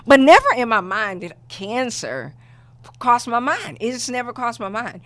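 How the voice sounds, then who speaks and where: A young adult woman on a podcast, telling a personal story in a casual, animated way and acting out what others said. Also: medium pitch, moderate pace. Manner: animated storyteller, acts out quoted voices. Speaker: guest.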